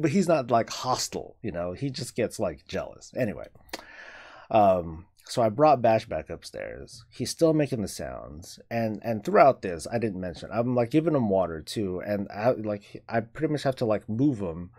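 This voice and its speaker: A man's voice: lowish voice, dark tone. A man streaming live and chatting casually, rambling, restarting his words and swearing freely.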